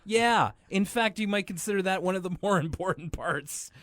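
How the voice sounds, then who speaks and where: A man co-hosting a podcast, recapping a cartoon in casual, animated chat with sarcastic asides. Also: sits high, normal speed, no echo. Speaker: podcast co-host.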